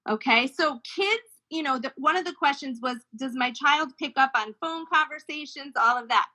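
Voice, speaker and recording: A woman's voice: high voice, normal speed, bright, forceful tone, rough recording. A woman speech therapist explaining how children's language develops, now and then imitating baby sounds. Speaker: speech-language pathologist guest.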